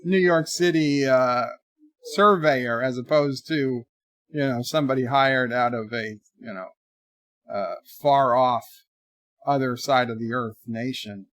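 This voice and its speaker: A man's voice: medium pitch, measured pace, a bit bright, no echo, studio quality. A man in his forties hosting a livestream, chatting casually and reading viewer messages aloud in a lifted voice. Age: 40s. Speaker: livestream host. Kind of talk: casual live commentary, reading viewer chats.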